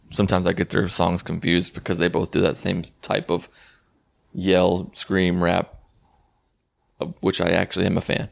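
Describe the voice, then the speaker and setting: A man's voice: deep voice, flat delivery, moderate pace, creaky. A man giving a sarcastic, jokey and profane recap of a movie for his channel. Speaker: YouTube movie reviewer.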